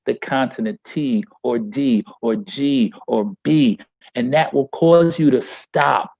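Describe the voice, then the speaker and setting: A man's voice: medium pitch, dry recording, lo-fi sound. Emphatic man leading a poetry workshop. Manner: emphatic, rhythmic, keeps asking "all right?"; slows and stretches key phrases. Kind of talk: teaching a workshop.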